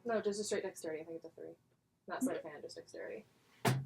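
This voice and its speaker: A woman narrating a tabletop game as game master, self-mocking and quick to laugh. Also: lowish voice, creaky, loud music behind the voice, poor audio.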